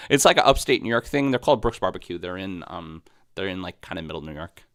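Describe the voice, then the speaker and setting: A middle-aged man co-hosts a relaxed podcast and rambles through his week with fillers and jokes. His voice sits on the low side but moves around a lot. The sound is dry and close. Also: fast talker, clean tone, no echo. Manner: joking, rambling with many fillers. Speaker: co-host. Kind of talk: casual podcast chat.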